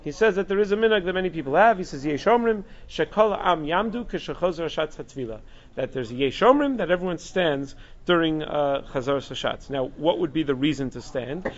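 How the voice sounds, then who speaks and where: A man teaching a class on Jewish law, lecturing in a lively way and mixing in Hebrew terms. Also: a little high, brisk. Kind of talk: halacha class. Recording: dull lo-fi recording.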